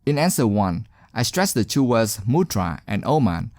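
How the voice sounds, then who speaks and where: Lively, encouraging male teacher, dry sound. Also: medium pitch, dry recording. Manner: encouraging, deliberate, emphatic stress on key words. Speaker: English exam teacher. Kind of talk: scripted instructional narration.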